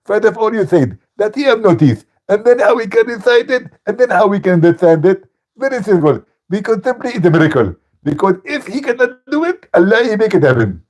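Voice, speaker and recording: A man doing a mocking impression of an excitable male preacher who talks in a high, pompous, sputtering way. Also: a little fast.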